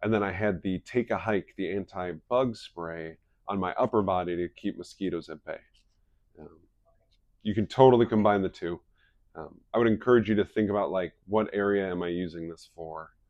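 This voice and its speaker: Man, lowish pitch, chatty storyteller, presenting to a small audience. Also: moderate pace, a little mellow, no echo, dull audio. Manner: chatty storyteller who laughs at his own stories. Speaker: wellness presenter. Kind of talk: casual talk with anecdotes for a live audience.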